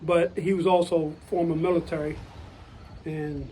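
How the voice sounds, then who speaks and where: A man interviewing with a hesitant, halting manner and many short acknowledgements. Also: fairly high pitch, level tone, warm tone, a little hiss or hum, low-quality recording. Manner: hesitant, lots of short backchannels. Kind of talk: casual interview.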